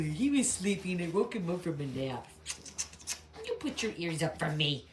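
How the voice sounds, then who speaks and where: A woman's voice: fairly low pitch, very animated, normal speed, echoey room, background noise. A woman breeder talking casually over videos of her dogs, chatty and cooing at the puppies. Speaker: dog breeder. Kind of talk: casual narration over home dog videos. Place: home kitchen under construction.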